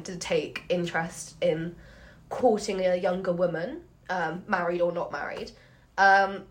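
A woman co-hosting a casual history podcast, chatty and full of fillers, often laughing as she talks. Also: fairly low pitch. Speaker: podcast co-host.

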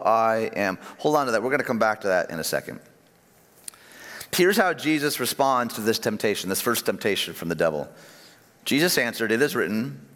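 A man preaching a sermon, animated, dropping low and soft on key phrases. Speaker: pastor. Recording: long reverb of a large hall.

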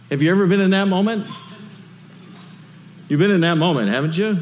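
A man preaching a sermon in a lively, conversational way, full of rhetorical questions. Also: on the high side, a little fast, in a large hall. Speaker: pastor.

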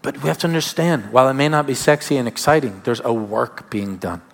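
A man's voice: medium pitch, fairly quick, gravelly. Preaching man in a reverberant hall. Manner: emphatic preaching with sudden drops to quiet asides. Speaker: pastor. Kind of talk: sermon.

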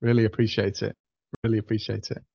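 A man co-hosting a podcast, speaking in a warm, appreciative way. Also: fairly low pitch, flat delivery, fast, gravelly, dry recording, lo-fi sound. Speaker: podcast co-host and coach. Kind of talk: podcast conversation.

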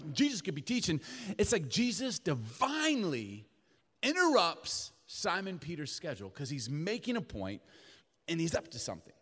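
A man preaching a sermon in a church, animated, acting out the voices of the people in his story. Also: on the high side, moderate pace, slightly rough, long reverb tail. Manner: animated, acts out voices of Peter and Jesus. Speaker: pastor.

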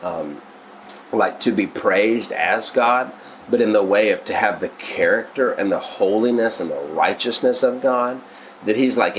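A man's voice: fairly low pitch, unhurried, slight background noise, poor audio. A male pastor teaching on a devotional podcast, earnest and conversational, often restarting his sentences.

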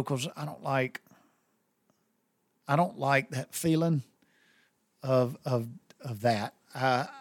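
A man's voice: mid-range voice, no room sound. Middle aged southern guy telling an old story, rambly and heartfelt, dead dry sound. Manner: rambling and heartfelt, with many restarts. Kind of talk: personal storytelling.

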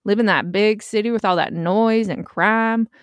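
A woman voicing a blunt hometown man with a deep voice, slow and dismissive. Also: no echo, studio quality, natural voice.

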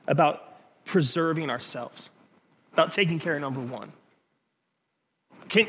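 A pastor preaching a sermon in an animated, conversational storytelling manner, often restarting his phrases. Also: sits high.

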